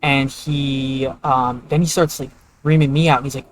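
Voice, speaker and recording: A man's voice: medium pitch, flat delivery, normal speed, a little hiss or hum, poor audio. A man streaming a video game, telling a long story in a loose, rambling way with lots of filler words. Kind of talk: casual gameplay commentary.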